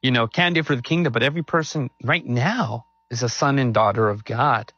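A man's voice: medium pitch, brisk, pushed and bright, slightly rough, no echo, highs cut off. A man hosting a church event, affirming the guest's answers in a pastoral way and reading scripture aloud. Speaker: host.

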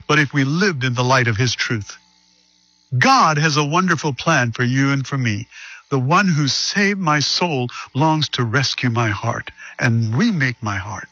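A man pastor preaching a sermon, reading scripture slowly and deliberately and telling a story. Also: mid-range voice, lively intonation, pushed and bright, husky, no echo, highs cut off.

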